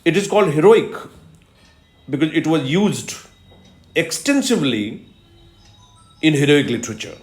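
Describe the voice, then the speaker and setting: Male professor, unhurried lecture, repeats key terms, echoey room. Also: on the high side, sing-song, soft background music. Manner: explains step by step, repeats key terms, frequent "uh" fillers. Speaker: professor of literature. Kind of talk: recorded video lecture. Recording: roomy echo.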